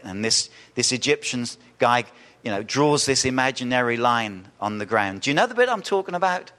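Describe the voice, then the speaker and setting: Man, pastor, sermon, animated delivery, mid-pitched voice, long hall reverb. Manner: animated, acts out quoted voices, asks the congregation questions.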